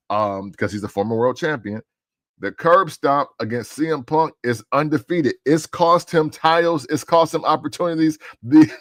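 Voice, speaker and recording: A man co-hosting a podcast, telling a story in an excitable, animated way with lots of laughter. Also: medium pitch, no room sound, studio quality. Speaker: podcast co-host. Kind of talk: casual chat.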